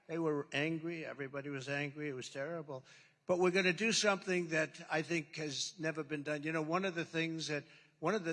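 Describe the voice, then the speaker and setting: A man with a slightly high, fairly bright voice delivers a rambling, boastful rally speech off the cuff, repeating himself for emphasis. He's a political speaker at a podium microphone in a big indoor hall, his amplified voice echoing with long hall reverb.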